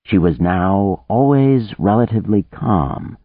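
Deep-voiced man narrating an audiobook. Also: expressive, unhurried, no room sound. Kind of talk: scripted narration. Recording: narrow phone-like band, dry.

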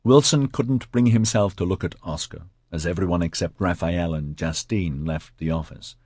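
A man reading a science fiction audiobook in a measured, even narration. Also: low voice, slightly rough, dry recording, clean studio sound. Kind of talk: scripted narration.

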